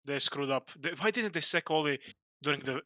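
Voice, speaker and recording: A man on a football panel who talks in a rambling, halting way. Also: fairly high pitch, expressive, bright, forceful tone, dry recording. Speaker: panel guest. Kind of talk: casual chat.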